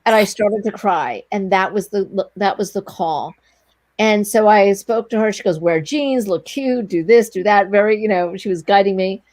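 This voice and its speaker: A middle-aged entrepreneur appears as a guest in a casual interview, relating a story with lively, breathless energy and slipping into the voices of those she quotes. Her pitch sits mid-register at a moderate pace, and the sound is dry and close, with no echo or room around it.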